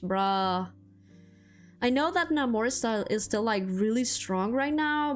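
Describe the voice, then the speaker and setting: Chatty high-pitched streamer woman. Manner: rambling and animated, with fillers and laughs. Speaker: VTuber streamer. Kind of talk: casual chat.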